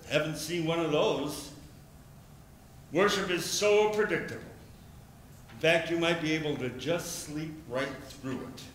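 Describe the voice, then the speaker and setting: Male pastor, sermon delivery, forceful bright tone, recorded in a reverberant sanctuary. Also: a little hiss or hum. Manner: storytelling, voices the crowd's questions with rising pitch. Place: church sanctuary. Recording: echoey church room.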